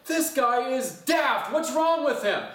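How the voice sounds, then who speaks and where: A man voicing an exasperated man who chases his runaway old uncle, exclaiming high and incredulous. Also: animated, slow pace, fairly bright tone, full character voice. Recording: roomy church sound, mic at a distance.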